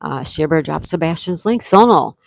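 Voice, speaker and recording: A woman's voice: deep voice, animated, moderate pace, creaky, no echo, low-quality recording. A middle-aged woman from Florida hosting a casual livestream, chatting and reading viewers' comments aloud, greeting each by name. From Florida, USA. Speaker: livestream host.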